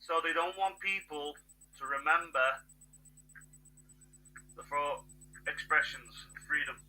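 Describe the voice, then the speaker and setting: A man in a rambling, agitated monologue, swearing and bursting into shouts. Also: fairly high pitch, slow pace, rough recording.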